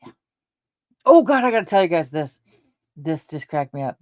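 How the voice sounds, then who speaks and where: A woman's voice: sits low, big pitch swings, normal speed, darkish tone, dry recording. A middle-aged woman chatting casually to her viewers, rambling through personal stories and laughing along the way. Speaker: vlogger.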